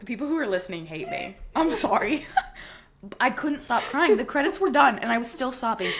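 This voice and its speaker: A young woman in her twenties chats on a podcast she co-hosts, telling stories with big dramatic flair. Her voice sits fairly high and she swears casually as she talks. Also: moderate pace. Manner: animated, swearing, dramatic storytelling. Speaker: podcast co-host. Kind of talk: casual chat.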